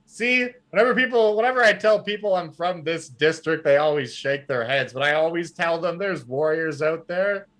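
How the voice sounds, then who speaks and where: Burly boisterous warrior, as a male game master puts him on, bright, hearty. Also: on the high side, animated, normal speed, hardly any pauses.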